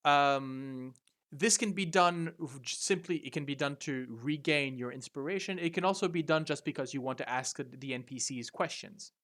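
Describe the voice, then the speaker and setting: A man's voice: medium pitch, moderate pace, a bit bright. Hesitant man running a tabletop game. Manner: hesitant, many fillers and restarts. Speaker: game master. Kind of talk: explaining tabletop game rules.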